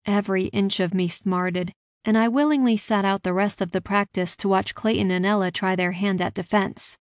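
A woman reading a first-person fantasy story aloud with steady, expressive narration. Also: mid-range voice, moderate pace, no room sound, studio quality.

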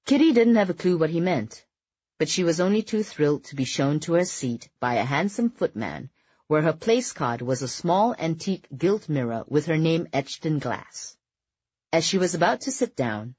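Low, husky woman reading a novel. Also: big pitch swings, a little mellow, no echo, dull audio. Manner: measured, descriptive storytelling. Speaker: audiobook narrator. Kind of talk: scripted narration.

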